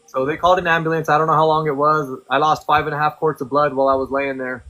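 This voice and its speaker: A man's voice: on the high side, flat delivery, fast talker, bright, forceful tone, rough recording. A man guest on a podcast, bluntly and profanely recounting a personal story in casual conversation.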